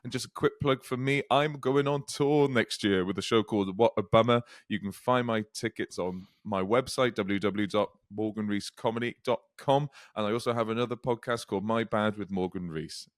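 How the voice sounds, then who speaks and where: A man's voice: lowish voice, normal speed, few pauses, no echo, clean studio sound. A man co-hosting a comedy podcast, telling stories in casual chat and laughing often as he talks. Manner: laughs often mid-story, chatty.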